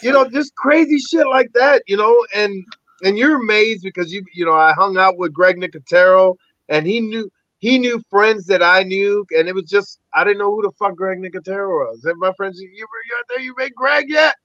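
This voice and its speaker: A man, an actor and army veteran, telling animated, profanity-laced stories as a podcast guest. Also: high-pitched, moderate pace, no echo. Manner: animated, rambling, heavy swearing. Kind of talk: casual storytelling interview. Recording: dull lo-fi dry recording.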